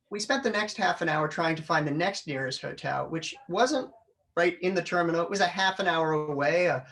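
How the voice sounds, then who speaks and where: Middle-aged man, funny storytelling speaker, lively and animated. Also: high-pitched. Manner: animated storyteller, acts out family voices. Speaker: public speaker. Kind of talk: humorous storytelling speech. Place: club meeting room.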